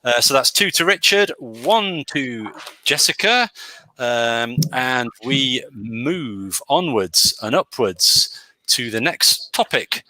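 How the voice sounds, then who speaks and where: Bright-voiced, unhurried male host. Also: mid-range voice, animated, no room sound, rough recording. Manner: upbeat, joking, running the votes. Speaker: host of an online pun competition. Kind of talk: casual hosting.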